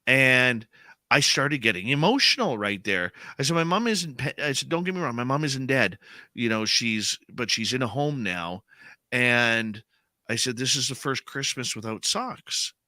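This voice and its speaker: A middle-aged man chatting on a radio show, telling a story with a very lively, swooping pitch. His voice is bright and forward, and it sounds dry and close to the mic. He acts out every quoted line. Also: normal speed, dry recording. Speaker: radio host. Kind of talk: casual storytelling chat.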